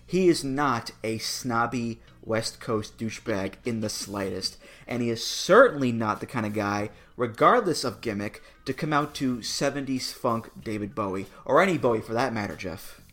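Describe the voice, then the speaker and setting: A man's voice: medium pitch, lively intonation, moderate pace, few pauses, fairly bright tone. Wry, joking man on a podcast. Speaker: podcast co-host. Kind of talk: casual chat.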